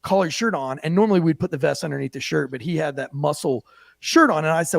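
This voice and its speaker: A man with a gravelly, fairly high voice rattles through a story at speed, brash and profane, slipping into the voices of the people he quotes. He co-hosts the show and works as a police officer. The sound is close and dry. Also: quick pace, no echo. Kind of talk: animated storytelling.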